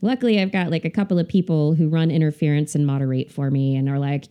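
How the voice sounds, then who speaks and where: A woman talking in a relaxed, thoughtful way as a guest in a casual podcast conversation. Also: sits low, fast, few pauses, dull audio. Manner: relaxed, thoughtful, some hesitations. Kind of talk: casual chat.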